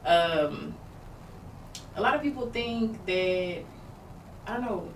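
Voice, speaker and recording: A woman's voice: mid-range voice, slow. A woman co-hosting a talk show who speaks openly about her struggles, rambling, with lots of fillers. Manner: open, rambling, with many fillers. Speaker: podcast co-host. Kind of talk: candid personal talk. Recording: roomy, far from the mic, noisy background.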